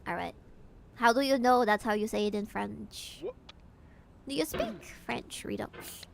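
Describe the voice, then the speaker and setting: Here a young woman from Peru, a VTuber, banters and giggles with her chat in a Peruvian Spanish accent. Her fairly high voice has lively intonation and some vocal fry, her pace is measured, and background noise is audible.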